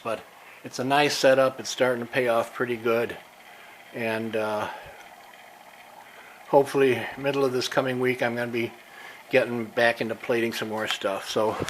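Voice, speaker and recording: An older man in his home workshop, a little out of breath, talking casually and haltingly with frequent fillers as he shows his setup. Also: mid-range voice, fairly bright tone, a little hiss or hum, rough recording. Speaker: workshop vlogger. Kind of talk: casual workshop show-and-tell.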